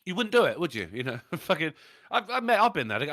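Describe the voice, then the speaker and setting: A man with a medium-pitched voice talks fast in a clean, echo-free studio recording. Co-hosting a casual podcast, he tells pub stories as an animated storyteller who swears a lot and laughs often.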